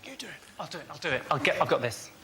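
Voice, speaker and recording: A man ranting on a comedy panel show, breaking into shouted impressions. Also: fairly high pitch, sing-song, rapid-fire. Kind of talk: stand-up rant. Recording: loud background noise.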